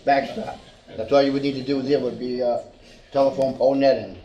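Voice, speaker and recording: A man on a committee giving practical suggestions at a meeting, halting and repeating words. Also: medium pitch, steady tone, dull audio. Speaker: committee member. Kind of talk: meeting discussion. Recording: echoey room, far from mic.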